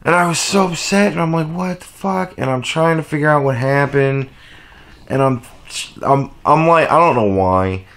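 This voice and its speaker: A man's voice: medium pitch, expressive, normal speed, fairly bright tone. A man telling a rambling, profane story in a casual vlog rant. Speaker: vlogger.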